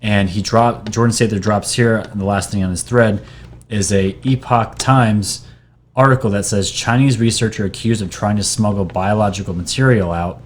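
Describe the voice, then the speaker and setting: This New York man hosts a channel and gives casual commentary on something he reads from a screen, stumbling into frequent pauses and fresh starts. He speaks at a moderate pace in a lowish, steady voice, and there's a little hiss or hum on the recording.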